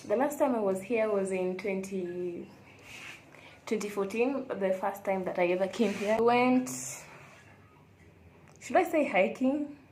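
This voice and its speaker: A woman's voice: medium pitch, unhurried, long pauses, darkish tone, a little hiss or hum. Chatty young woman in an echoey room. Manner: chatty, reflective and candid. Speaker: vlogger. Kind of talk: casual confessional vlog chat. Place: hotel room.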